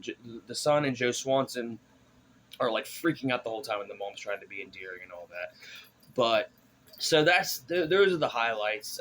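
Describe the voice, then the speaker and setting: A man's voice: mid-range voice, fairly bright tone, slight background noise. A man giving a casual spoken movie review, rambling with many fillers and restarts.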